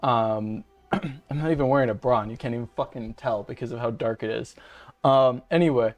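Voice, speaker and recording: Speaking at medium pitch and normal speed, this young self-described femboy hosts his own livestream and vents to viewers in a rambling, profane way. The audio sounds dull, coming through a webcam and desk mic at his home setup.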